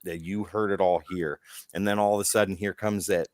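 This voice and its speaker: A man's voice: sits low, fairly quick, dry recording, studio quality. A man co-hosting a casual comic-book podcast, retelling scenes with acted quotes and the occasional swear. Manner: animated storytelling, acts out quotes, swears. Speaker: podcast co-host.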